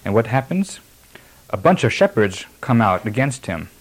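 A man's voice: medium pitch, big pitch swings, moderate pace, rough recording. A man preaching a sermon, reading verses and then explaining them emphatically. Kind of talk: sermon expounding scripture.

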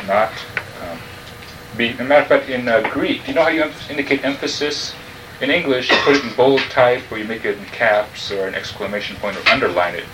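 A man teaching a class on New Testament Greek, patiently explaining each word and checking that the students follow. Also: on the low side. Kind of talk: classroom lecture. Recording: distant mic, noisy room.

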